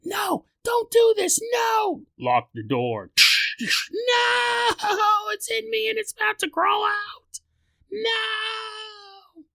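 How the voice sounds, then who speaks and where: A man voicing a frantic female patient who shrieks and wails in a high falsetto, sure she is giving birth. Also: sing-song, extremely slow, creaky, sharp tone, raised voice, heavily acted. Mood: screaming. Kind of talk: comedic storytelling.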